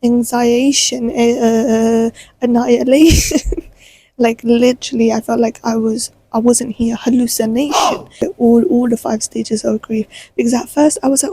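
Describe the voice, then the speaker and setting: Chatty young woman with a husky voice. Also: on the high side, unhurried, dry recording, low-quality recording. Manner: chatty, animated, full of fillers. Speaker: vlogger. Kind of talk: candid personal storytelling to camera.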